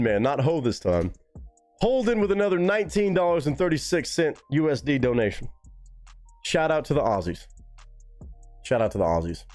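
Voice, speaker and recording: A young man hosting a live music reaction stream, talking casually and excitedly to his chat with plenty of swearing. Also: mid-range voice. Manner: excitable, profane, talks straight to chat.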